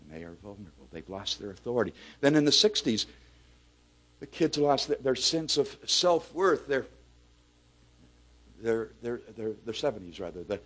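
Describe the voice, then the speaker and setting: Man preaching with soaring loud climaxes. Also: mid-range voice, sing-song, moderate pace, long pauses. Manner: swings from hushed to loud, building emphatic climaxes. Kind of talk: sermon.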